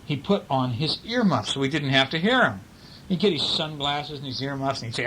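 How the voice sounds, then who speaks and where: A man's voice: medium pitch, animated, brisk, bright, forceful tone, a little hiss or hum, rough recording. A man reading a picture book aloud at home, chatting playfully with a small child between the pages. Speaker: family member reading to a child.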